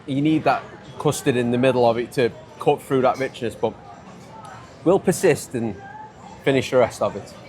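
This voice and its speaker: A man's voice: medium pitch, normal speed, long pauses, a little mellow, faint music behind. A man with a Stoke-on-Trent accent, chatting and joking on a casual travel vlog. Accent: Stoke-on-Trent English. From England. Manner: chatty and jokey, laughs often. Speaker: vlogger. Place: outdoors on city streets.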